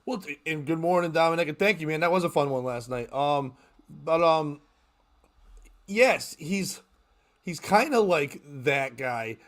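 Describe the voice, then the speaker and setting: A man's voice: on the high side, lively intonation, measured pace, a bit bright. A man hosting a live morning talk stream, chatting loosely and laughing as he jokes. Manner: loose and joking, often laughing. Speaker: podcast host. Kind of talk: casual live-stream chat.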